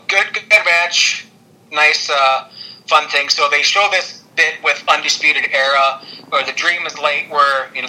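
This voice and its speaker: Podcast co-host, male, bright and rambling, slightly high voice, loose casual delivery with lots of fillers. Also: rough recording. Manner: rambling, filler-heavy, laughs often. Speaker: podcast co-host recapping wrestling. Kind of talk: casual chat.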